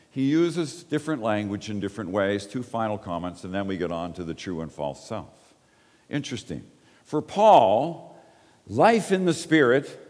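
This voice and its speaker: A Canadian man delivers a teaching sermon in a lively, animated voice whose pitch swings widely. He is emphatic and chatty, throwing asides to his listeners. A long reverb trails his words around a church hall. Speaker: preacher.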